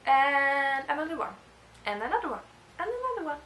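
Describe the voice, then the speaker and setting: A woman's voice: high voice, very animated, a little fast, a bit bright, reverberant, slight background noise. A young woman vlogging to camera, gushing and rambling with lots of restarts. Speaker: book vlogger. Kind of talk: casual monologue to camera.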